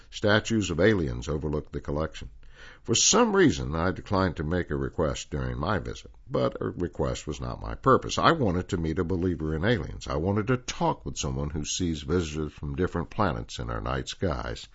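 Male host-reader, very low, husky voice, steady read-aloud pace, dull lo-fi recording. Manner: calm, measured read-aloud delivery. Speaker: volunteer radio reader and host. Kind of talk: reading articles aloud, then casual anecdote.

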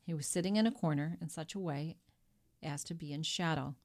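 A woman reads a classic novel aloud in steady, measured audiobook narration. Her voice sits on the low side.

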